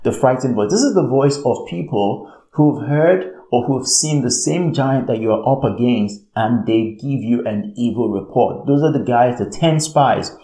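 A man's voice: medium pitch, unhurried, hardly any pauses, mellow. A man preaching a sermon in an emphatic way, repeating his phrases and often checking in with "all right". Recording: roomy echo.

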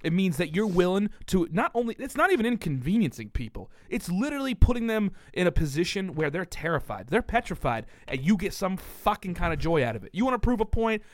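A man's voice: high voice, sing-song, fairly quick, hardly any pauses, dry recording, studio quality. A young man co-hosting a podcast, ranting with heavy profanity and indignation. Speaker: podcast co-host. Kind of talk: casual podcast banter.

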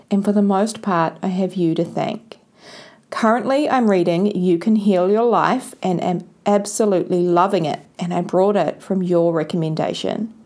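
A woman's voice: mid-range voice, a little mellow. Woman podcast host, effusive and encouraging, chatty monologue to listeners, mid-range voice. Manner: effusive and encouraging, often adds "right?".

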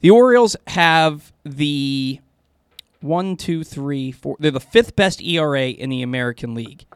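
A man with a high voice talks sports on the radio in a lively, excitable rush, stumbling and repeating words as he goes. The studio sound is close and dry. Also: a little slow, smooth, no echo. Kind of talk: casual sports talk.

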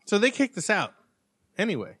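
A man's voice: sits high, huge pitch swings, moderate pace, a bit bright, husky, dry recording. A man in casual podcast chat, swearing and retelling what he and others said.

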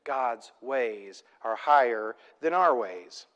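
A man preaching a sermon, emphatic and full of rhetorical questions, swinging between loud and soft. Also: mid-range voice, lively intonation, takes it slowly, big-room sound, lo-fi sound. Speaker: pastor.

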